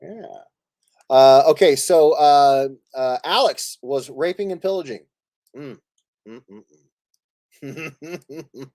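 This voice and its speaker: A male streamer talking in an animated way, his pitch jumping all over as he laughs and jokes. His voice is recorded close and dry, with no room sound. He teases his friends and swears playfully. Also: dry recording. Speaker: streamer host. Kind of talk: casual live-stream chat while playing.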